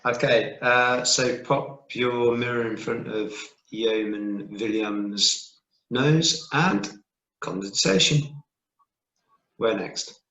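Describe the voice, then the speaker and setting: A man narrating as game master, relaxed and playful, asking players for checks. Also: medium pitch, slow pace, echoey room, poor audio.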